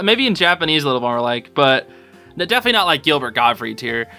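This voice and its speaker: A man hosting a casual podcast, talking in an excitable, rambling way and laughing often. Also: a little high, quick pace, vocal fry, soft background music. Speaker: podcast host.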